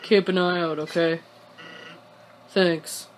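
A laid-back skeleton man who jokes and drawls in a low, unhurried voice, as a woman puts him on. He sounds lazy and amused, never in a rush. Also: level tone, very noisy. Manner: slow, low, drawling read. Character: lazy joking male skeleton.

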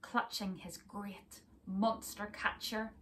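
A woman teacher reading a children's story aloud, expressive, dropping to hushed whispers and asking her young listeners to join in. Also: medium pitch, slow pace, far from the mic, slight background noise.

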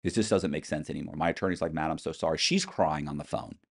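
A man's voice: extremely low pitch, quick pace. A man telling a long story as an interview guest, acting out the people he quotes and swearing freely.

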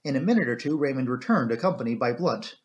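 A man narrating a classic mystery novel in a measured storytelling manner. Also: medium pitch, lively intonation. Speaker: audiobook reader. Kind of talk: scripted narration.

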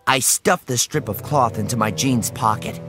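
A man narrating a children's story in the first person, expressive and animated. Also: mid-range voice, moderate pace, music in the background. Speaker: audiobook narrator.

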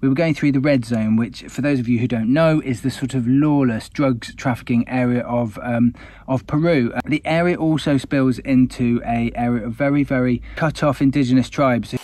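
A man's voice: mid-range voice, steady tone, moderate pace, darkish tone, no echo. A man, an explorer candidly recounting an expedition story in a conversational, self-deprecating way.

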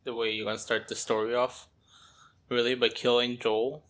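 A man's voice: mid-range voice, level tone, moderate pace. A man hosting a gaming channel who reacts to gameplay in outbursts, exasperated and repeating himself. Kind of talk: let's play reaction commentary. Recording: game music playing loudly behind the voice. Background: game music.

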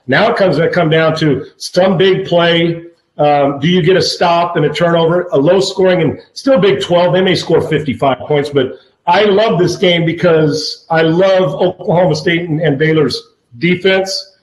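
A man's voice: on the high side, moderate pace. A man in his fifties, a former football player, telling stories casually with constant swearing and stammering restarts. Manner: profane, stammering, animated. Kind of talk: casual chat, storytelling. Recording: roomy echo.

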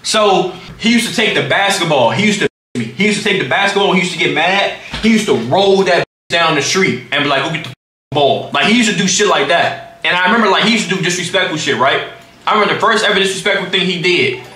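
A young man streaming live, telling a story in an animated, profane way full of slang. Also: high-pitched, fast talker, roomy sound, a little hiss or hum. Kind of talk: livestream storytime.

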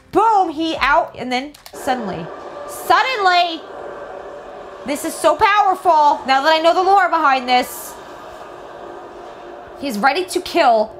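Excitable high-voiced woman reacting. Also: slight background noise. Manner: excitable, gushing, frequent mild swearing. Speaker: reaction video host. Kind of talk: casual reaction commentary.

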